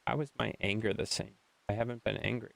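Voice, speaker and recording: A man's voice: fairly low pitch, steady tone, fast talker, creaky, a bit bright, no room sound. A man from Wisconsin with a Wisconsin accent, streaming a game and bantering with his chat in a playful, mock-exasperated way.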